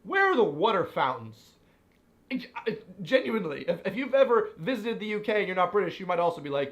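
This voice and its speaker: A man's voice: high voice, sing-song, a little fast, a bit bright. A young American man living abroad, giving playful, exaggerated complaints in a comedic vlog. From United States.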